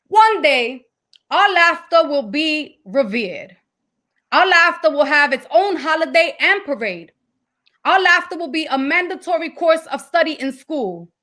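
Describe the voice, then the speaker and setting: A woman's voice: high voice, a bit bright. A woman performing a spoken word poem with rhythmic, building repetition. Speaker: poet.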